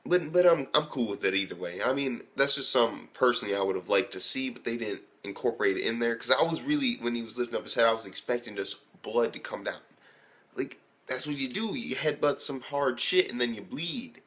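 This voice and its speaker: A man's voice: mid-range voice, a little fast. A young man giving a casual, rambling anime episode review, swearing often and switching from hyped to unsure. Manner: profane, rambling, excitable, lots of fillers.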